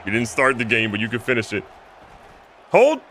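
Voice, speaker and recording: A man commentating his own video game playthrough, jokey and excitable, switching between loud outbursts and low mutters. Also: moderate pace, a little hiss or hum. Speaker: gaming YouTuber.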